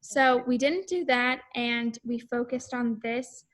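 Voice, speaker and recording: High-voiced young woman student. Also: slow, a bit bright. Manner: reflective, lots of "like" fillers. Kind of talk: casual chat.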